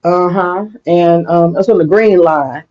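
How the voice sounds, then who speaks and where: Mid-pitched voice, casual chat, mimics people, dull lo-fi audio. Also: unhurried, a crowd in the background. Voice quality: animated, mimics voices when telling stories. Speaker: guest on live panel.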